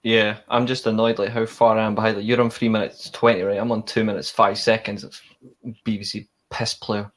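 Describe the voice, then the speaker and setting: A man gives opinionated football analysis on a casual live stream. His voice sits fairly low, and he rambles through his points with plenty of restarts. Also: level tone, brisk. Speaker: co-host of a football watchalong.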